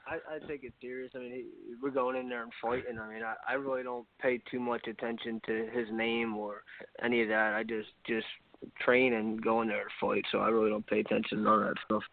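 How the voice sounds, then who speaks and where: A man's voice: mid-range voice, level tone, brisk, creaky. A man answering interview questions as a guest, terse and matter-of-fact. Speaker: guest fighter. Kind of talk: casual interview. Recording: tinny phone-like line.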